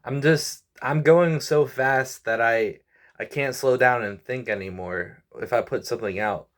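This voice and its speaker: A medium-pitched male voice, a little slow, belongs to a twenty-something YouTuber and comedian. Stressed and weary, he vents to his viewers on camera, rambling with repeated sighs and apologies.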